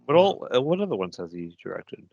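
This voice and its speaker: A man's voice: mid-range voice, very animated, fairly quick, vocal fry, a little mellow, no echo, muffled recording. A man co-hosting a podcast, chatting casually and arguing as a movie fan. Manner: enthusiastic, argumentative fan talk. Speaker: podcast co-host. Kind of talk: casual chat.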